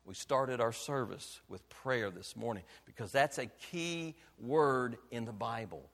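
A male pastor delivers a sermon in a church sanctuary, his voice trailing off in a long hall reverb. He preaches emphatically, firing rhetorical questions and shifting between loud declarations and quiet, earnest passages. His pitch sits in an ordinary middle range for a man. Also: animated, measured pace, gravelly.

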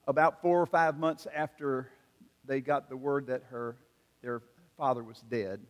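An older man from South Carolina, preaching a sermon and telling a story in an earnest, measured way with pauses and hesitations. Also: medium pitch. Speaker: pastor. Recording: long reverb of a large hall.

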